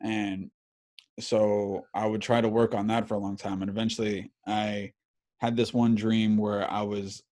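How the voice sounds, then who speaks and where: Brief: thirties male podcast host, lowish voice, loose and profane, animated storyteller. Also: a little slow. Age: 30s. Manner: animated, swears a lot, many fillers. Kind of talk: casual storytelling chat.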